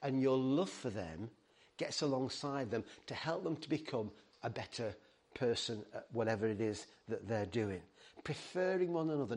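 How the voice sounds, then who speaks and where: A man's voice: mid-range voice, animated, moderate pace, a little mellow. A middle-aged man preaching a sermon, earnest and pleading, stumbling over words and restarting. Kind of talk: sermon to a ministry team.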